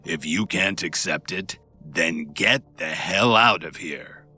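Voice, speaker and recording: Man voicing a middle-aged chief herbalist, hoarse, very deep, forceful, cold and scolding, audiobook. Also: slow pace, soft background music, heavily acted. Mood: contemptuous. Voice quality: low and hoarse. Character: stern middle-aged male chief herbalist, arrogant father. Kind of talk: audiobook narration.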